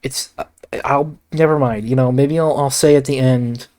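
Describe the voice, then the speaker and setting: A man talking through a movie review on his own in a loose, meandering way. His voice sits in an ordinary middle pitch, and he swears freely, stops himself and doubles back mid-sentence. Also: steady tone, normal speed, darkish tone. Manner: rambling, profane, frequent restarts and asides. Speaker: film reviewer. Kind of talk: casual solo review ramble.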